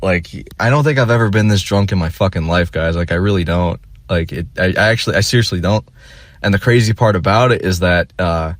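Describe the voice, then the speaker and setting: A man's voice: sits low, dry recording. A young man telling a rambling, profane story in a casual monologue, full of fillers and restarts. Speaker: vlogger.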